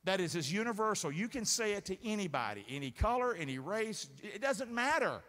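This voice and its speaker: Animated, bright-voiced male preacher. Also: high voice, a little fast. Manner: preaches with call-and-response questions. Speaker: pastor. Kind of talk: sermon. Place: church sanctuary. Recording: reverberant sanctuary sound.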